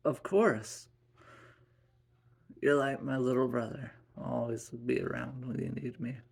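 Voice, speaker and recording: A man's voice: mid-range voice, little pitch movement, measured pace, vocal fry, slightly rough. A man doing a loyal, sheepish friend. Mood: friendly.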